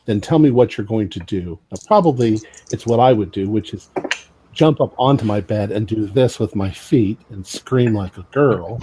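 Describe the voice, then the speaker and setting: A man acting as game master, narrating a tabletop horror game in an unhurried way and describing each scene to the players as "you". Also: on the low side, slight background noise. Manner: describes scenes in the second person, unhurried and relaxed.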